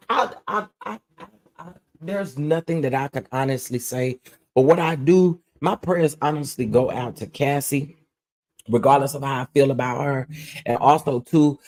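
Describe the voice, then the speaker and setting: On his own commentary channel, a man rants bluntly and emphatically, repeating phrases to drive his point home. His voice is mid-range and a little mellow.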